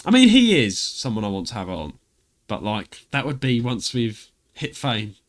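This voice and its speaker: In a casual chat, a young man from Britain hosting a podcast tells stories chattily, laughing a lot and mimicking voices when quoting people. He has a British English accent and a mid-range voice with huge pitch swings, at a normal speed.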